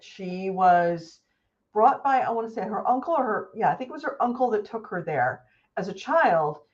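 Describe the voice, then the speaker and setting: A woman co-hosts a casual talk show, telling animated stories and tossing in swear words without a second thought. Her voice sits at an ordinary middle pitch. The sound is dull and lo-fi, like a web stream. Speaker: podcast co-host. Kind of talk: casual chat.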